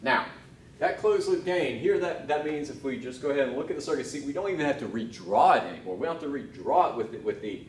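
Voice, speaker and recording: A man's voice: mid-range voice, lively intonation, fast talker, far from the mic, a little hiss or hum. A man giving a recorded engineering lecture, casual and thinking aloud as he works through a derivation. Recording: echoey room, off-mic.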